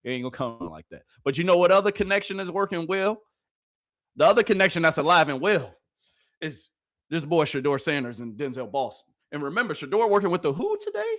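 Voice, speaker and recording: Man, hyped live sports commentary, fairly high voice, laughs a lot. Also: very animated, fast, fairly bright tone. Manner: hyped, chatty, laughing, slangy. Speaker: sports video host. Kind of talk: casual live commentary over game clips.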